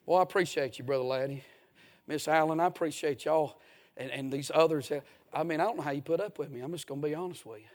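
A man's voice: a little high, fast talker. A man preaching a folksy, emphatic sermon as a pastor in a church.

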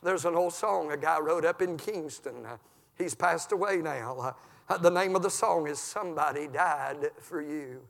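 A man's voice: fairly high pitch, moderate pace, vocal fry. A man preaching an impassioned revival sermon in church, with cries of emotion. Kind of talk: revival sermon with altar call. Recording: reverberant hall with soft music.

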